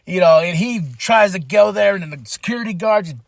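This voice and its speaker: A man with a high voice hosts a podcast, recapping with animated excitement and bursts of hype. The sound is dry and close, with no room around him. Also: fairly quick, creaky, dry recording. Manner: excited, animated storytelling with hype shouts and laughs. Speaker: podcast host. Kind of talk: casual wrestling recap.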